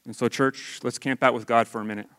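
A man's voice: mid-range voice, fairly even intonation, fast talker, fairly bright tone. Earnest man giving a church testimony. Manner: earnest, candid, conversational. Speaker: lay church speaker. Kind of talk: personal testimony sermon.

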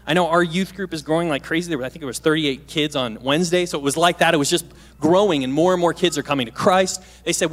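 A man in his thirties guest-preaches from a church stage in a fairly high, brisk, slightly bright voice. His sermon is a humorous personal story, full of self-deprecating asides and questions put to the audience.

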